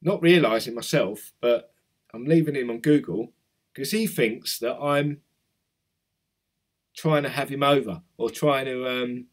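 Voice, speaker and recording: A man's voice: medium pitch, unhurried, long pauses. Male crypto vlogger, London accent, rambling casual chat. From South East London. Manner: chatty, rambling, reads out viewer comments. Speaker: crypto YouTuber. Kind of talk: casual chat with live chat viewers.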